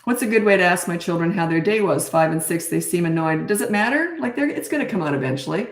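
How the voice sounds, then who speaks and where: A middle-aged woman working as a parenting coach gives blunt, self-assured advice on a casual live stream. Her voice is lowish, animated, and fast, she acts out quoted dialogue, and the room echoes.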